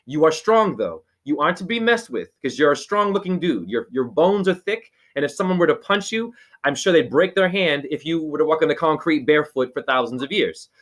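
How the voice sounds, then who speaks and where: Preachy, rambling man, somewhat high voice. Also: animated, fairly quick, a bit bright. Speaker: spiritual teacher giving a name reading. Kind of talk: excited casual video-call chat.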